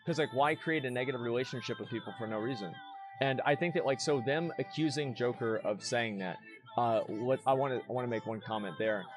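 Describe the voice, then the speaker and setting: A man's voice: medium pitch, brisk, over music. A man streaming, arguing his side in a heated casual debate and pressing his points with repeated words.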